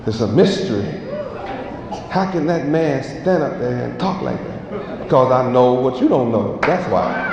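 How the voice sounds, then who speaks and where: A man's voice: medium pitch, expressive, measured pace, recorded from a distance, crowd noise. Man preaching in an echoey hall. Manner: preaching with questions and answers, rising to a shout. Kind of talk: sermon. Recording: echoey hall, dull muffled sound, noisy.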